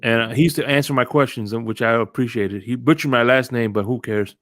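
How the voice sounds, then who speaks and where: A man's voice: medium pitch, fairly even intonation, brisk, fairly bright tone, no room sound, clean studio sound. A man hosting a casual sports podcast, rambling through stories and greeting viewers as he goes. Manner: rambling, greets live chat viewers, tells stories with quoted voices. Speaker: podcast host.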